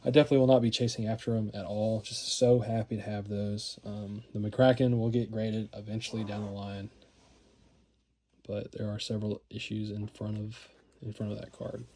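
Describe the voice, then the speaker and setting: In this casual show-and-tell, a male card collector vlogger shows off pieces from his collection, rambling with enthusiasm and leaning on fillers and repeated words. He speaks on the low side in a dark, flat voice at a moderate pace, over a slight hiss or hum.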